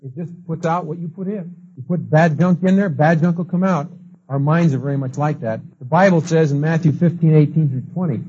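Husky man lecturing with stories. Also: on the high side, brisk, warm tone. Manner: storytelling, acts out quoted people. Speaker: class teacher. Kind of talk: lecture with anecdotes. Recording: dull lo-fi recording.

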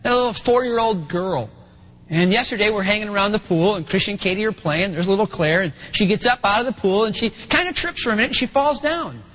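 A middle-aged man preaching a sermon, animated and acting out the voices he quotes. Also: sits high, fairly quick, rough recording. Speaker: pastor.

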